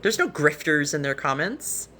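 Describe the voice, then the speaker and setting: A woman's voice: low voice, animated, normal speed, pushed and bright, slight background noise. A woman speaking earnestly and emotionally on a live stream from her phone, rambling with restarts and close to tears. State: tearful, emotional. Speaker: livestreamer.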